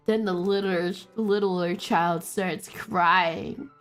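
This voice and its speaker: A woman streamer telling a story in a casual way, animated and often breaking into laughter. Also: fairly low pitch, takes it slowly, faint music behind.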